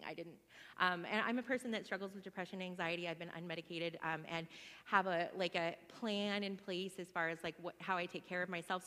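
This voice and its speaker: A woman's voice: lowish voice, sharp tone, long reverb tail. A woman, a single mom, telling a personal faith story in a casual, rambling way with frequent fillers and restarts. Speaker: single mom sharing a testimony.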